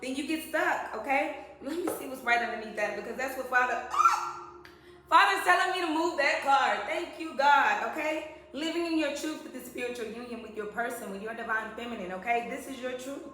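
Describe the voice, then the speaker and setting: A woman's voice: high voice, a little fast, hardly any pauses, sharp tone, a little hiss or hum. A woman in her thirties giving a chatty, emphatic tarot reading to her viewers. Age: 30s. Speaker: tarot reader. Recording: very echoey room.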